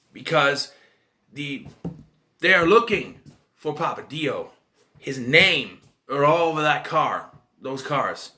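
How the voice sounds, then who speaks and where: Man, movie reviewer, rambling recap, lively swooping pitch, bright tone. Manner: rambling, animated retelling with quoted reactions.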